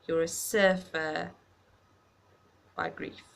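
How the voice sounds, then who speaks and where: A grieving woman records a personal video diary with a gravelly, creaky edge to her voice. She talks in a halting, reflective way and stops often to search for words. She sounds close to tears. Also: on the low side, steady tone. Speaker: vlogger.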